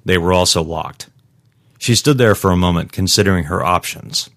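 A man giving scripted narration of a story in a steady, measured way. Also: sits low, no room sound, studio quality. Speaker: audiobook narrator.

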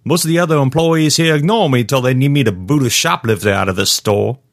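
A man's voice: medium pitch, brisk, dry recording, clean studio sound, pitched above the performer's own voice, natural voice. A man voicing an earnest, impulsive young security guard in a storybook reading, speaking in an urgent, pleading manner.

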